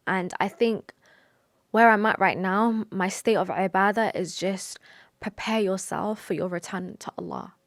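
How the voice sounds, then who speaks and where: Young woman, heartfelt vlog talk, soft sighs, mid pitch, dry room. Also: no echo. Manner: earnest and emotional, with sighs and restarts; mixes in Arabic religious phrases. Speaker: vlogger. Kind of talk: personal confessional talk to camera.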